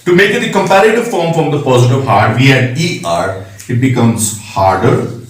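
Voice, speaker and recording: A man's voice: medium pitch, animated, moderate pace. A man teaching a recorded grammar lesson, patiently spelling out letters and checking in with "right?". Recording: echoey room, mic at a distance.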